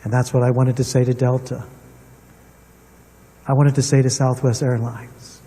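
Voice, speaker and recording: Middle-aged man, symposium speaker, personal storyteller, soft husky voice, long hall reverb. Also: medium pitch, little pitch movement, moderate pace. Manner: storytelling, personal and earnest, addressing the room. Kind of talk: reflective public talk to an audience. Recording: distant mic in a reverberant hall.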